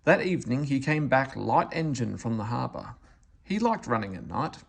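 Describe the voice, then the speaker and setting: A man reading a children's story aloud with expressive, animated narration. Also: mid-range voice, moderate pace, gravelly, breathy edge. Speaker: storybook reader.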